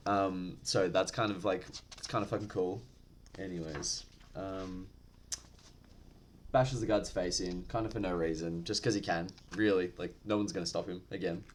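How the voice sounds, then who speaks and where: A man's voice: on the low side, moderate pace, darkish tone. A man reviewing a manga chapter in casual chat, rambling and profane, full of slang and filler words.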